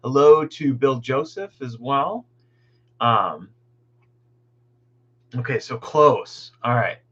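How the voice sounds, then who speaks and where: A man's voice: medium pitch, lively intonation, takes it slowly, a bit bright, husky, muffled recording. A man hosting a meditation group from home on a video call, rambling casually and greeting people by name.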